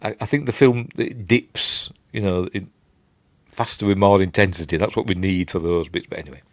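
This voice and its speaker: An older host from Yorkshire, England, reads out viewer comments during a relaxed late-night live stream from home, rambling and self-deprecating throughout. He has a deep voice at a normal speed, with no room sound.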